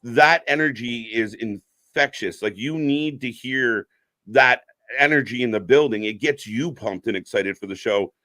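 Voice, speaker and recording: A man's voice: medium pitch, measured pace, sharp tone, no room sound, studio quality. A man from Canada co-hosting a wrestling live stream, chatting casually, greeting viewers by name and laughing often.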